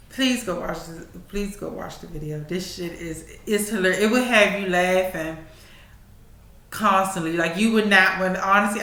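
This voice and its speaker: Bright chatty d.c. woman podcasting, cussing a lot, echoey room. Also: on the low side. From Washington, D.C. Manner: profane, chatty, laughing. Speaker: podcast host. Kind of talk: casual commentary.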